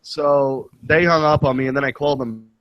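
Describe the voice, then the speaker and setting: A man's voice: mid-range voice, fairly even intonation, moderate pace, lo-fi sound, crowd noise. A man co-hosting a casual talk show, telling stories and mimicking callers mockingly. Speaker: co-host. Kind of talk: casual podcast banter.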